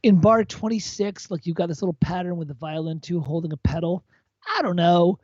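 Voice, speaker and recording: A tipsy man chatting casually on a livestream, giving blunt, profane, excitable feedback on a viewer's composition. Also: high voice, a little fast, a little hiss or hum. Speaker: co-host reviewing viewer compositions. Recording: dull lo-fi dry sound.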